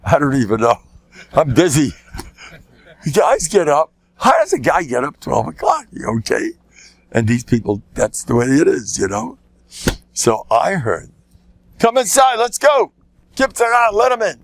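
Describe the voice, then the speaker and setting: Older male rabbi, joking storyteller, very animated pitch, dry close sound. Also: unhurried, vocal fry, no room sound. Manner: animated, jumps into loud high voices for quoted lines; self-interrupting, repeats words, laughs at own jokes. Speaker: rabbi giving a lecture. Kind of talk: storytelling talk with jokes.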